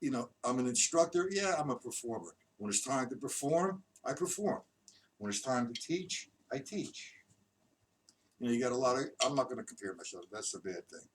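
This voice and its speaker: A man's voice: medium pitch, very animated, normal speed. A man teaching drums in a live stream, counting beats aloud in a loose, chatty way. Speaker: drum instructor. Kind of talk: live-streamed drum lesson. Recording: distant mic, loud background noise.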